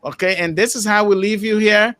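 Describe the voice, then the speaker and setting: A man's voice: high-pitched, steady tone, fairly quick, crowd noise. A man with a Liberian English accent hosting a live podcast, upbeat and sprinkling his talk with fillers. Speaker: podcast host.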